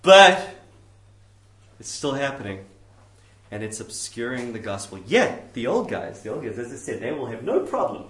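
A man preaching a sermon in an animated, jokey, conversational way, heard in a roomy hall from a distant mic. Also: mid-range voice, normal speed.

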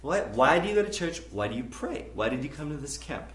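A man preaching a camp sermon, swinging from hushed, pleading passages to loud, impassioned ones. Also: a little high, big pitch swings, a little fast, a little hiss or hum. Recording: echoey room, mic at a distance.

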